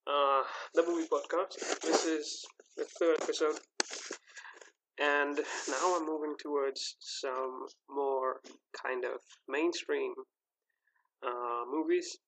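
Slow and a bit bright, this man's voice sits on the high side with fairly even intonation. He's the host of a solo movie podcast, talking casually in a rambling, hesitant way full of fillers and restarts, on a low-quality recording with a little hiss or hum.

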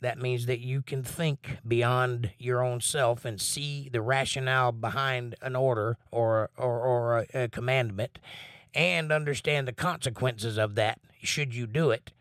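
A man teaching a Bible study, reading scripture aloud slowly and emphatically, then breaking in with blunt asides. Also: mid-range voice, fairly even intonation, a bit bright, dry recording, studio quality.

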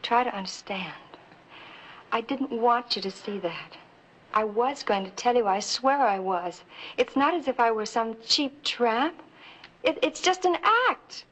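A woman's voice: on the high side, lively intonation, measured pace, rough recording. A volatile stripper in her thirties. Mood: defensive. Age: 30s. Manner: defensive, turning bitter and cutting. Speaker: film actress. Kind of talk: 1960s film drama acting.

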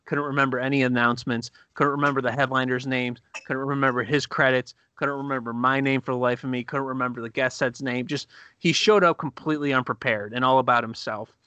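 A man co-hosting a casual chat podcast, a comedian telling anecdotes with animated asides. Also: medium pitch, a little fast, smooth, no echo, lo-fi sound. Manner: storytelling, animated impressions in anecdotes.

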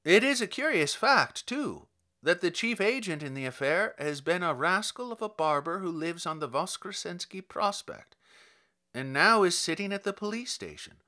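Male reader as chatty, deferential policeman, raised and bright, lively rises. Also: high-pitched, normal speed, pitched above the performer's own voice. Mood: courteous. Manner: courteous, long-winded. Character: polite, rambling middle-aged male police officer.

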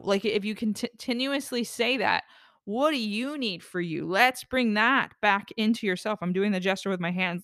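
A woman's voice: medium pitch, normal speed, dry recording. Earnest chatty woman, dry close sound. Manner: earnest, rambling, expressive. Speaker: podcast host. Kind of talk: casual self-help talk.

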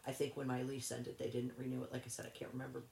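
A woman, a guest in an interview, telling a personal story in a rambling, halting way with many restarts. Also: extremely low pitch, monotone, creaky, a little mellow, roomy sound, slight background noise.

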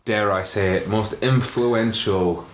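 A man's voice: fairly low pitch, fairly even intonation, slow pace, slight background noise. Earnest man in a roomy echo. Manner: earnest, mock-solemn praise. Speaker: podcast co-host. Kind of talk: casual chat.

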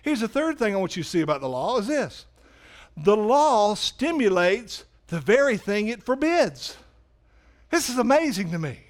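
A man preaching a sermon in a church, animated, swinging from loud emphasis to quiet asides. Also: normal speed. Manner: animated preaching, rises loud for emphasis then drops low. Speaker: pastor. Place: church sanctuary.

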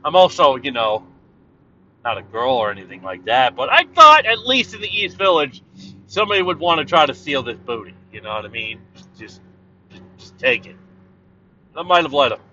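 A man from Canada, loud and profane, rambling through a casual monologue while driving. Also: fairly high pitch, sing-song, brisk. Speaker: vlogger. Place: driving in a car. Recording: dull lo-fi sound, car noise.

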